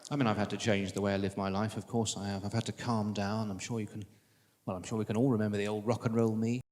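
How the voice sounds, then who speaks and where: A man's voice: on the low side, flat delivery, fast, a little mellow. A middle-aged man doing stand-up, with self-mocking, exasperated storytelling. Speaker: stand-up comedian. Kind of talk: stand-up routine. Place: comedy stage. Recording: reverberant hall, background noise.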